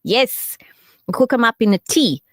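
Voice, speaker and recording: A woman's voice: unhurried, dry recording, clean studio sound. Chatty radio host woman. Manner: chatty and joking, with lively swoops in pitch and laughs. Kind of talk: casual radio chat and weather.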